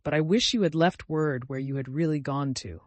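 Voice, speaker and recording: A man's voice: fairly high pitch, normal speed, dry recording, close to an everyday voice. A man reading the part of a grave older male painter, earnest and pleading, in a dry recording. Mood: worried.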